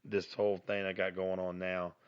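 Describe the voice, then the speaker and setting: Low raspy man ranting into a phone. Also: monotone, moderate pace, lo-fi sound. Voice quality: raspy with a slight twang. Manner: rambling, profane, self-mocking. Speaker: podcast host. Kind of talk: casual solo rant.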